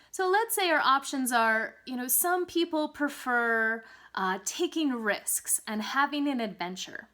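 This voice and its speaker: Woman teaching test prep, upbeat and chatty, voice bouncing up and down a lot, kinda high. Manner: lively, swings pitch up and down to demonstrate.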